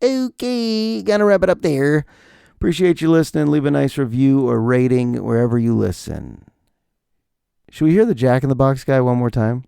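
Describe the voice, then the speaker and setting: A man's voice: medium pitch, animated, moderate pace, gravelly, dark tone, smooth, no echo, clean studio sound. A middle-aged man hosting his own podcast in a casual, rambling monologue, playfully pretending to get emotional. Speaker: podcast host.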